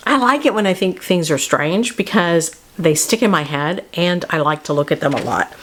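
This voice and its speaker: A woman's voice: on the low side, animated, normal speed, fairly bright tone. A woman hosting a casual book talk who chats loosely, often laughs and breaks off mid-sentence. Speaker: host. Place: home studio.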